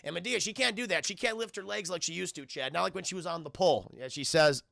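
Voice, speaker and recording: A man's voice: high voice, fast talker, creaky, a bit bright, dry recording. A man streamer retelling a film to his chat, casual, profane and rambling, on a close microphone.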